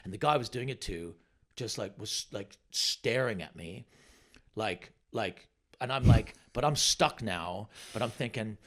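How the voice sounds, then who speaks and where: Middle-aged male comedian, slightly low voice, animated halting storyteller. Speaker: comedian guest. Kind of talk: storytelling anecdote on a podcast.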